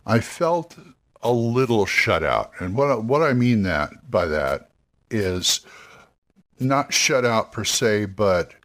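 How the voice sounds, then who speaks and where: A man with a fairly low, ordinary speaking voice talks through advice for roleplaying games in a loose, unscripted way. He doubles back on his words and restarts sentences. His tone is encouraging. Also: very animated, slow pace, fairly bright tone. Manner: rambling, self-correcting, encouraging. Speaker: podcast host giving roleplaying game advice. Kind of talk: casual spoken monologue.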